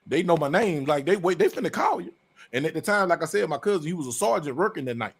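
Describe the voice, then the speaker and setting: A man's voice: on the high side, fast talker, creaky, breathy edge. A man hosting a casual chat show, telling a personal story in loose slang and acting out the quoted voices. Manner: animated, acts out quoted dialogue, loose slangy delivery. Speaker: podcast host.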